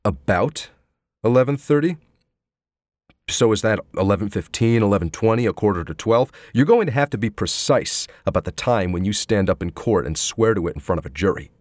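A sardonic, needling male detective, voiced by a man reading an audiobook. He fires off mocking, probing questions in a low voice that swoops widely. The sound is close and dry. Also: animated, fairly quick, a little mellow, no room sound, natural voice. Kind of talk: audiobook character voice.

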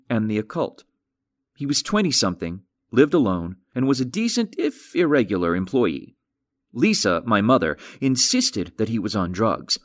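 A man narrating a mystery audiobook in an even, wry, measured manner. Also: medium pitch, dry recording, studio quality. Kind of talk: scripted narration.

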